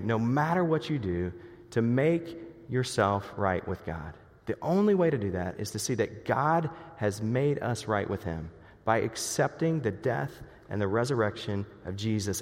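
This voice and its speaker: A man preaching a sermon as a pastor in an earnest way, slowing down on key words and often restarting his sentences. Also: fairly low pitch, lively intonation, long reverb tail.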